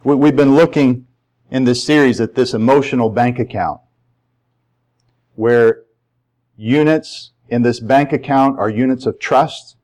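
A middle-aged man preaching a sermon as pastor, climbing to emphatic, ringing peaks and then dropping to quiet, intimate asides. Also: mid-range voice, low-quality recording.

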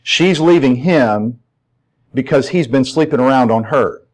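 A middle-aged man preaching a sermon as pastor, climbing to emphatic, ringing peaks and then dropping to quiet, intimate asides. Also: mid-range voice, measured pace, low-quality recording.

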